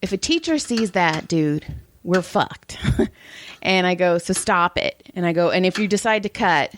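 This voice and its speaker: In a relaxed podcast chat, this middle-aged co-host spins profane family tales bluntly, voicing each person's quotes herself. She speaks in a lowish, animated voice without hurrying, over a faint hiss or hum.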